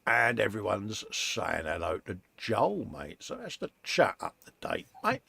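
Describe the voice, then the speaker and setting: British male co-host, gravelly and animated, reads chat aloud, calls everyone mate, dry close mic. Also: on the low side, measured pace, no room sound. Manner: chatty, calls people mate, laughs often. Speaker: co-host of a model-making live stream. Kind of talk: casual chat, reading out viewer comments.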